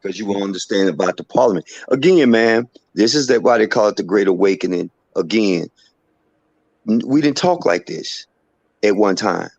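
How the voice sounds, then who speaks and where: A man's voice: fairly low pitch, expressive, moderate pace, a little mellow, no echo, muffled recording. A man in casual live-stream chat who talks in an earnest, rambling, somewhat preachy way. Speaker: co-host.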